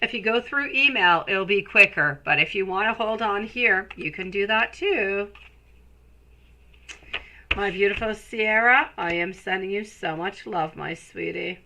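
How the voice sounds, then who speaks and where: A woman's voice: mid-range voice, a little slow, bright, forceful tone, low-quality recording. A woman giving a live-stream tarot reading, chatty and affectionate, calling viewers sweetie. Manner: chatty, rambling with restarts. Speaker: tarot reader.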